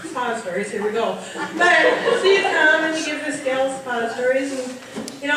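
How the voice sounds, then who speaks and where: A woman's voice: high voice, fairly quick. A middle-aged woman tells nursing stories as stand-up comedy, acting out the people in them. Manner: animated, acts out voices of people in her stories. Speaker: nurse telling comic stories. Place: party hall, heard from far off. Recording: distant echoey hall recording with noise.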